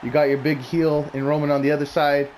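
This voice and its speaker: A man rants in a casual, unscripted way, blunt and full of cursing as he wanders from point to point. His voice sits a little high for a man, and a faint hiss runs under the recording. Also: little pitch movement, fast, a little mellow. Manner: profane, blunt, opinionated, rambling. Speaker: wrestling commentary vlogger. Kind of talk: casual ranting predictions.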